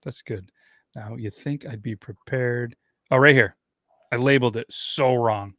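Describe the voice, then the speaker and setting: A man's voice: medium pitch, unhurried, fairly bright tone, no room sound, clean studio sound. A man hosting a casual podcast, chatting as he reacts to online videos, rambling with fillers and restarts. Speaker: podcast host.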